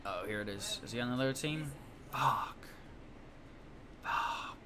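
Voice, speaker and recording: A man's voice: mid-range voice, measured pace, sharp tone, slight background noise. A man streaming a live game, trash-talking and ranting in a profane, exasperated way. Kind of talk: live gaming commentary.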